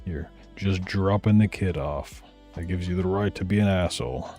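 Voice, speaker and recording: A man's voice: sits low, moderate pace, dark tone, faint music behind. A man giving dry, mocking commentary over a video on a live stream. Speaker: streamer reacting to police videos.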